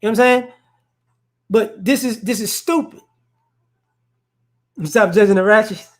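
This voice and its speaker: A man's voice: high voice, unhurried. A man hosting a live stream, giving blunt, confrontational social commentary off the cuff, rambling and repeating words as he builds each point. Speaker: livestream host. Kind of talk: unscripted social commentary rant. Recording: roomy echo.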